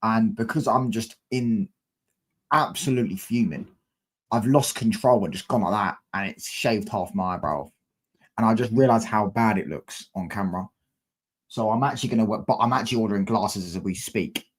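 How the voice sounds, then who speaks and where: A man's voice: lowish voice, fairly quick, husky. A young man, a football fan streamer, frustrated and slangy, swearing as he talks to his chat from a desk mic at home. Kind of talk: live-stream fan rant.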